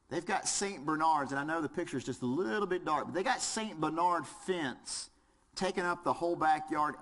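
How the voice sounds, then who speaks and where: A man with a Southern accent leads a fire service class in a fairly high, fairly bright voice. He lectures interactively, quizzing listeners and joking as he moves along.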